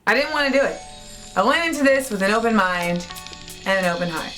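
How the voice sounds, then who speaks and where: A woman's voice: medium pitch, expressive, a little fast, fairly bright tone, faint music behind. A woman hosting a vlog, giving casual, sassy, candid commentary in slangy speech. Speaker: host.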